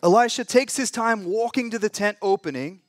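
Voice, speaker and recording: A man preaching in a church, his voice light and high for a man. He retells scripture like a campfire story, dropping to a hush and then rising loud. The sound is dry and close to the mic. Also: normal speed, dry recording. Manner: dramatic storytelling with wide swings in pitch and volume; conversational asides and humor. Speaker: pastor. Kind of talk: sermon.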